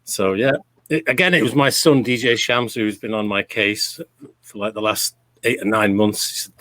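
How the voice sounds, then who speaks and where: A man's voice: lowish voice, normal speed, pushed and bright, dry recording. Rambling Canadian man, dry close sound. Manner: rambling, reminiscing, frequent restarts. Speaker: DJ guest. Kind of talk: casual chat.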